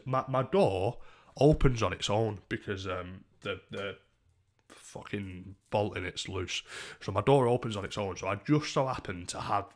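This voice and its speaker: A young man tells a long story to his stream, swearing constantly and rambling through it. His voice sits a little low. He speaks casually and grows animated as he talks.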